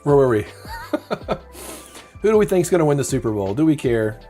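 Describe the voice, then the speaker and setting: A man's voice: mid-range voice, big pitch swings, fairly quick, mellow. A middle-aged man hosting a casual live stream, chatty and openly sentimental, reading viewer comments aloud and answering them. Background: faint lo-fi music.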